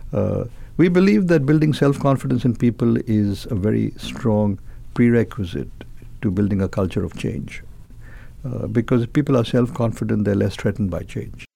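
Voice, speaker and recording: A man's voice: lowish voice, vocal fry, warm tone, breathy edge. An older man answering interview questions as a company chairman, hesitant, with many fillers and repeated words.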